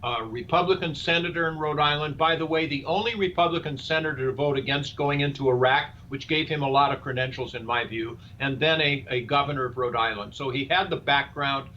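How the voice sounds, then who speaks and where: Older man, earnest and bright-toned. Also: medium pitch, fairly quick, hardly any pauses. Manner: earnest, speechmaking, rhetorical questions. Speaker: guest, presidential candidate. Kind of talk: live interview. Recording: dull lo-fi sound with faint noise.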